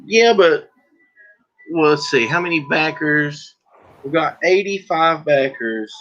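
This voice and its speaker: Packing books on a relaxed livestream, the host chats loosely and jokes around with his viewers and a guest, often laughing as he rambles. He speaks slowly in a slightly high, expressive, fairly bright voice, captured on muffled audio.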